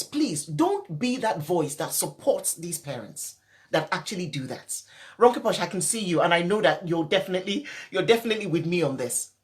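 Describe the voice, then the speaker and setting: A woman parenting coach, upset and teary, speaking emphatically in a live stream and repeating her key points. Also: lowish voice. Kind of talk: emotional live-stream talk.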